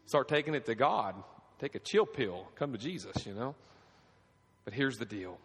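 Fervent thirty-something preacher in a ringing hall. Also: male voice, normal speed, slightly rough. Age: 30s. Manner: fervent, swings from quiet pleading to high emphatic preaching, asks the crowd for amens. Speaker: pastor. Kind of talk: sermon. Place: church sanctuary. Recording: long reverb of a church hall.

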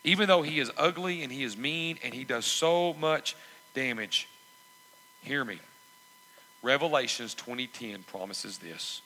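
A man preaching a sermon, emphatic and repetitive, swelling into loud exhortations. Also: medium pitch, expressive, measured pace, long reverb tail, rough recording. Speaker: pastor.

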